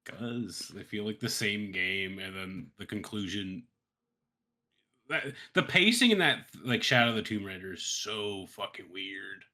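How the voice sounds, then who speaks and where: A man co-hosting a gaming podcast, telling stories in an animated way and swearing casually. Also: lowish voice, measured pace. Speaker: podcast co-host. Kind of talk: casual chat.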